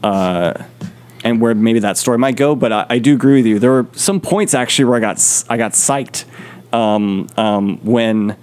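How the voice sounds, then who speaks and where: A man's voice: mid-range voice, normal speed, darkish tone, clean tone. A man co-hosting a podcast, rambling through his thoughts with lots of "like" and "um" in casual chat. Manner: rambling, heavy use of "like" and "um". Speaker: podcast co-host. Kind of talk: casual movie review chat.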